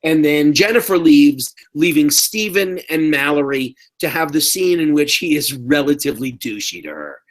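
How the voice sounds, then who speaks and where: A podcast co-host in casual chat, sarcastic, whose pitch jumps high when mocking a character and who often chimes in with quick agreement. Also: lively intonation, rough recording. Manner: agreeing interjections.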